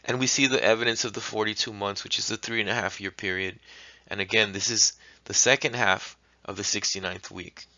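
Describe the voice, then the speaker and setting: A man's voice: fairly low pitch, steady tone, fairly quick, pushed and bright, dry recording. A man reading Bible verses aloud and explaining them in a teaching, stopping to correct his misreadings. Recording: dry, muffled lo-fi recording.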